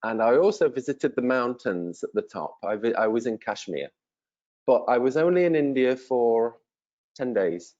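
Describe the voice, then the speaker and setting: A man in his fifties from England, an English teacher speaking slowly and simply to learners, friendly and encouraging, with many pauses. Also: mid-range voice, animated, darkish tone, muffled recording. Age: 50s. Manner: slow and clear, with many pauses and fillers. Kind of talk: slow, simple self-introduction to language learners.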